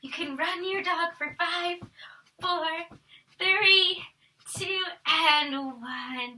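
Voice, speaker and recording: A woman's voice: sits high, slow, pushed and bright, recorded from a distance, low-quality recording. A woman teaching a guided family yoga class, playful and encouraging, counting through each pose aloud. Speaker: yoga instructor.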